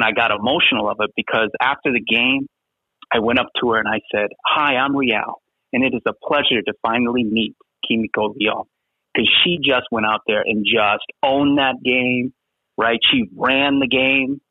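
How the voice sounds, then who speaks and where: A man's voice: medium pitch, husky, no room sound. A middle-aged basketball referee, a man, talking earnestly in a podcast interview and often asking "right?". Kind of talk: podcast interview, casual chat. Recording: tinny phone-line sound.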